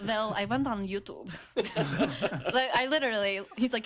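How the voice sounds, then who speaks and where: A woman's voice: a little high, lively intonation, a little slow, long pauses. A woman guest, an actress, speaking in a bubbly, laughing way in a casual interview.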